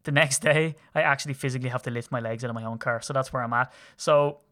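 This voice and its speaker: A man in his thirties from Ireland, co-hosting a podcast in quick, teasing casual chat. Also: medium pitch, steady tone, bright, forceful tone. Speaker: podcast co-host.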